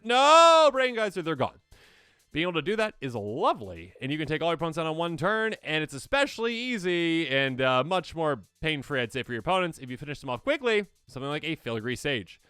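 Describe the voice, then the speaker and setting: A man hosting an excitable card game deck overview, acting out players' reactions in squeaky voices. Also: brisk, clean tone, dry recording, studio quality, faint music behind. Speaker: host.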